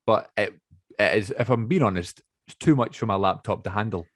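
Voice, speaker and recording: A young male podcast host chats on a video call, rambling and correcting himself as he goes. His voice is lowish, brisk, and a bit bright, and the recording is dry and close.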